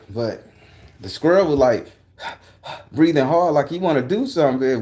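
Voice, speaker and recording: A man vlogging outdoors in a park, telling an excitable, profane, rambling story full of restarts. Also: a little high, measured pace, pauses often, reverberant. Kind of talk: animated personal storytelling.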